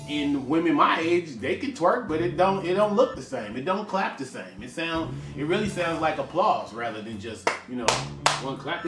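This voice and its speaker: Brief: man in his late forties, frank rambler, lively up-and-down delivery, recorded from across an echoey room with music playing underneath. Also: on the high side, recorded from a distance. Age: 40s. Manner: rambling, frank, stop-start with many restarts. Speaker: musician talking about his work. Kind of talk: casual monologue.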